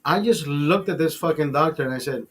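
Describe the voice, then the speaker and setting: A man hosting a casual podcast, telling a long profane story in a rambling, animated way. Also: a little high, brisk, slightly rough. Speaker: podcast host.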